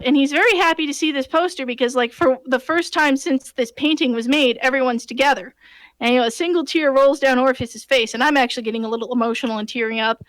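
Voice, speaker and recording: A woman game master casually retelling a tabletop session in an animated way, with many fillers and restarts. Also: high-pitched, no room sound. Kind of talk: casual storytelling.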